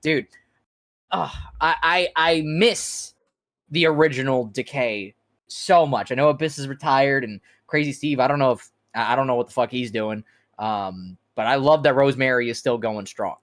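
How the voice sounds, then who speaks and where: A young man co-hosting a podcast in casual chat, excitable and profane, going from loud enthusiasm to soft, teary talk. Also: mid-range voice, normal speed. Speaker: podcast co-host.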